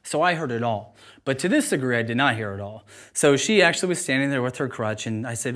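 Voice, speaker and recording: A man speaks to a live audience in an informal, energetic way. His voice sits in a middle register for a man, and he is candid and quick to laugh at himself. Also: mid-range voice. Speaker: juice bar owner giving a talk.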